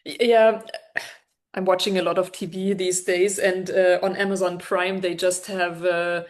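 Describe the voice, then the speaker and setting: A woman's voice: fairly low pitch, level tone, unhurried. A woman co-hosting a podcast, chatting casually and telling stories hesitantly, with many fillers. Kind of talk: casual conversational chat.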